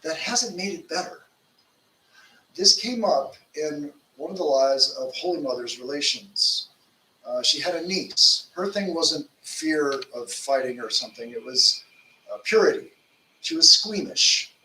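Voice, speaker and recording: A man's voice: fairly high pitch, lively intonation, a little slow, sharp tone. A man in his fifties, a monk giving a conversational sermon, telling stories in an informal way with fillers. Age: 50s. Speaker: monk giving a spiritual talk. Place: temple lecture hall. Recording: roomy hall, distant mic, faint noise.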